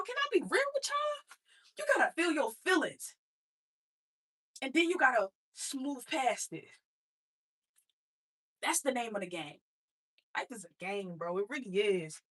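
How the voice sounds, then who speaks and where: Candid motivational speaker, female, a mother; husky edge, somewhat high voice, streetwise and direct. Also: a bit bright. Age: adult mother. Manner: blunt, streetwise, addresses listeners as y'all. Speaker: speaker sharing her life story. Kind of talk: motivational personal talk.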